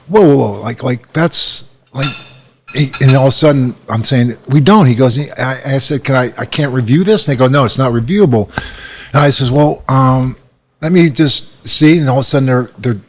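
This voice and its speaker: A man in his sixties telling stories in casual chat, acting out quotes with sudden jumps in pitch. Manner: animated, acts out quotes with sharp rises in pitch. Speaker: guest, former football coach.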